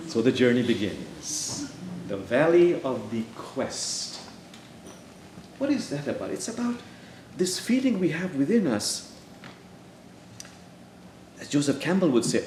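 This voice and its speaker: A male Sufi teacher gives a sermon at a slow, patient pace, his pitch rising and falling expressively. He tells the story with gentle playfulness. His voice echoes through a large church hall. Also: big pitch swings, a little hiss or hum.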